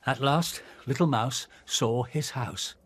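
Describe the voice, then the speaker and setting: An older man reading a children's bedtime story aloud in a slow, expressive storytelling manner. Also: medium pitch, breathy edge.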